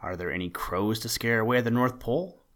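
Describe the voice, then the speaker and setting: A man's voice: mid-range voice, a little fast, fairly bright tone, lightly acted. A man voicing a sad, anxious scarecrow in a storybook, pleading and tearful. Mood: eager.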